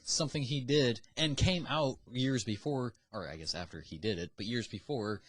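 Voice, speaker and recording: Opinionated man ranting with a husky voice. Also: medium pitch, normal speed, fairly bright tone, no echo. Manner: opinionated, ranting, swears freely. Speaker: podcast co-host. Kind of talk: casual chat.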